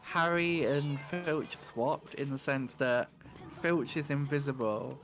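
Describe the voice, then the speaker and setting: A man's voice: mid-range voice, slow, fairly bright tone, faint music behind. A man commentating a speedrun in casual chat, teasing his co-host and talking to chat.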